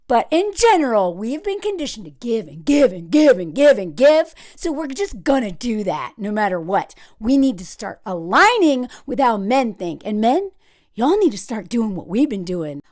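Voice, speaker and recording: A young woman delivering riled-up, sarcastic dating commentary in a vlog. Her fairly high voice leaps up and down with emphasis, and the close recording is dry with no room sound. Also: sing-song, moderate pace, a little mellow, dry recording. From United States.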